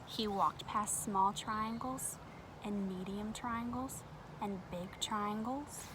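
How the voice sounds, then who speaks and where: A woman reading a picture book aloud to children at home, gentle and expressive, talking straight to her young viewers. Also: medium pitch, slow pace, very noisy.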